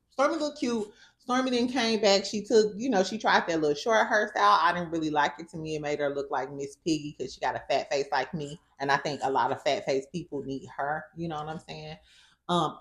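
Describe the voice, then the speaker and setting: A young woman with a St. dishes on a reality show in casual, profane commentary. Her voice sits low but swings widely, full of sass and bursts of laughter. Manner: sassy, profane, laughs often. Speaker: reality TV recap host.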